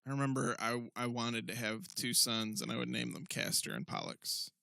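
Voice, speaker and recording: Co-host type: mid-pitched man with a bright edge, talkative and profane, dry close mic. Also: fairly even intonation, moderate pace, vocal fry, dry recording. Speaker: podcast co-host. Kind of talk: casual chat.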